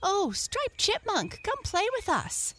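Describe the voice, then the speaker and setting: A woman voicing a group of playful, teasing little breezes in a storybook reading, with an excited, pleading manner. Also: on the low side, a little slow, soft background music, heavily acted. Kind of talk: storybook read-aloud.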